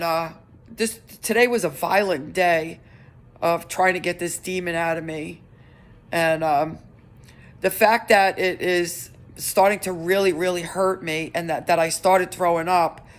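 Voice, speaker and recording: Middle-aged woman, slightly low voice, vlogging an earnest personal update with halting restarts. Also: fairly even intonation.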